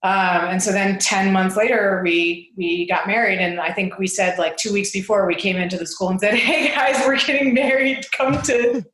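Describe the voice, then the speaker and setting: A woman's voice: medium pitch, steady tone, normal speed, hardly any pauses, fairly bright tone. A woman in her forties, a guest on a casual interview show, talking hesitantly with many fillers and laughing often. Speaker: podcast guest. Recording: roomy echo.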